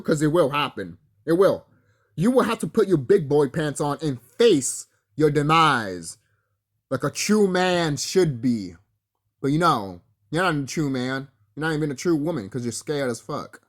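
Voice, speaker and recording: A man delivering a solo spiritual rant to camera, profane and confrontational, talking straight at his enemies and laughing between threats. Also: fairly high pitch. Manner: breaks into laughter, mimics others in quotes. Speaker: vlogger.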